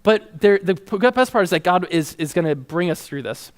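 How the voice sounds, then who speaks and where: High-voiced, animated male preacher. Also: normal speed. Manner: animated, conversational, acts out voices, laughs often. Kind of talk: sermon.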